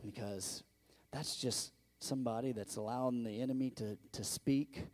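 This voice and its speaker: Man preaching a lively conversational sermon. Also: moderate pace. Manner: conversational preaching with rhetorical questions and acted-out quotes; swings between loud bursts and quiet, low asides. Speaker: pastor.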